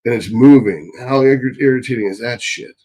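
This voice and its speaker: A man hosting a live stream Q&A, reading chat questions and answering bluntly, swearing often and getting excitable. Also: medium pitch, moderate pace, low-quality recording.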